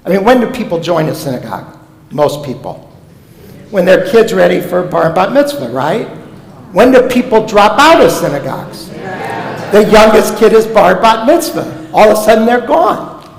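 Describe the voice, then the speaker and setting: A man's voice: high voice, moderate pace. A man from Omaha speaking as a guest speaker in a synagogue, telling comic stories with punchlines in a sermon-style talk. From Omaha, United States. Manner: animated, comic storytelling with punchlines. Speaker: guest speaker, professor of Jewish education. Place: synagogue sanctuary. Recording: echoey hall with long reverb.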